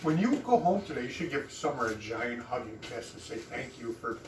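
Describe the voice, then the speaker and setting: A man's voice: mid-range voice, animated, a little fast. A man chatting casually at a breakfast table, joking and swearing, often laughing. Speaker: family member at breakfast. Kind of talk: casual chat. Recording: roomy, distant, noisy table recording.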